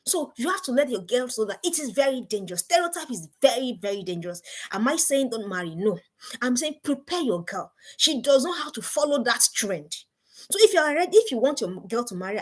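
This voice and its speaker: A woman's voice: fairly high pitch, husky. A middle-aged woman giving an emphatic motivational talk to parents, repeating rhetorical questions. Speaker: parenting speaker.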